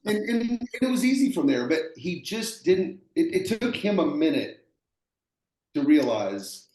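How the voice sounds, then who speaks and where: A man's voice: a little high, very animated, measured pace, darkish tone. Plainspoken Texan man in an echoey room. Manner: earnest, plainspoken, repeats himself and acts out quoted voices. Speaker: roofing contractor, guest. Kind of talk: conversational storytelling.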